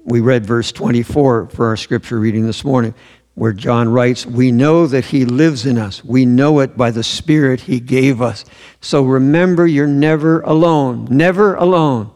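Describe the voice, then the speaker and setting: A man's voice: mid-range voice, normal speed, a little mellow. A man preaching a sermon in a church, earnest and emphatic, repeating his key phrases. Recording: long hall reverb.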